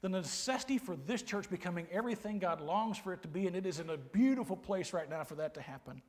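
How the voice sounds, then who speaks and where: A man, preaching a sermon with folksy, humorous storytelling and quiet, earnest emphasis. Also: sits high, expressive, fast talker. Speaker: pastor. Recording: long hall reverb.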